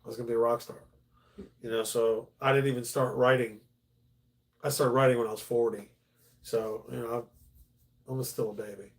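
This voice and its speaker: A middle-aged male comedian talking casually on a livestream. He rambles, restarts his sentences often and swears freely. His voice is mid-pitched. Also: level tone, normal speed, pauses often. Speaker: stand-up comedian, host.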